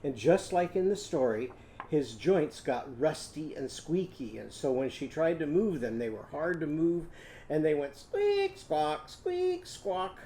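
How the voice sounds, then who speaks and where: A man leads a children's phonics lesson, speaking slowly and clearly and chanting sounds in a sing-song way. His voice sits fairly high but has a warm, mellow tone. A faint hiss runs under the recording. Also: expressive. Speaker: literacy teacher.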